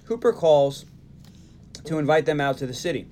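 A man in his forties from the Northeastern United States hosting a casual podcast, recapping a movie with quick asides and frequent laughs. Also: a little high, expressive, warm tone. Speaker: podcast host.

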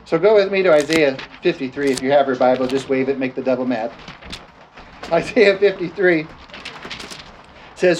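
A man's voice: on the high side, normal speed, pauses often, slight background noise, rough recording. A man preaching a sermon and leading communion prayer, drawing out scripture words and calling for responses. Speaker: pastor.

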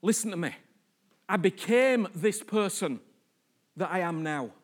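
A man's voice: high-pitched, animated, a little slow. A man preaching a sermon, emphatic and repetitive, often asking the congregation if they understand him.

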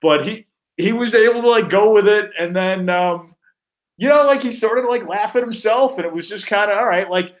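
A man's voice: high voice, normal speed. A man, a sportscaster guest on a podcast, telling casual stories and acting out what his colleagues said. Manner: animated anecdotes, acting out quoted colleagues.

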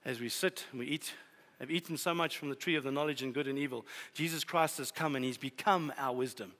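A man preaching a sermon, telling a story with lively swings from loud to hushed. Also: medium pitch, a little fast. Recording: long hall reverb.

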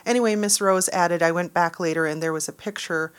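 Woman radio co-host, slightly low voice, dry and deadpan, reads the stories out. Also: a little fast, clean tone. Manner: dry, dismissive asides. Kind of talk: reading news items in radio banter.

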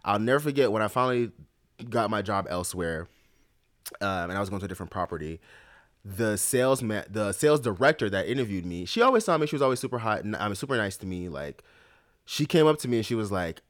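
Fast-talking man in his late twenties. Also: lowish voice, no room sound, clean studio sound. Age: late 20s. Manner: animated storyteller, acts out quoted dialogue. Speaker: podcast co-host. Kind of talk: casual chat.

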